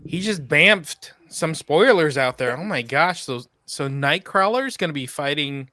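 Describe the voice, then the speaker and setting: A man co-hosting a podcast, with a bright, forward tone and a dry, close sound. He rambles happily and throws in upbeat interjections. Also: on the high side, animated, a little slow, dry recording. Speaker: podcast co-host. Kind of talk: casual podcast chat.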